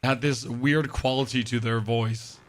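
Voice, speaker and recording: Brief: male game streamer, flat monotone chat, medium pitch, casual. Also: a little slow. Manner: monotone, dry delivery. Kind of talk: casual live-stream chat while gaming.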